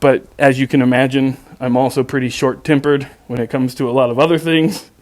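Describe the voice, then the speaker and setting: A man's voice: medium pitch, level tone, fairly quick, darkish tone, dry recording. Sarcastic exasperated man telling a story. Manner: repetitive stammering restarts. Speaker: podcast host. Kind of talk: casual storytelling monologue.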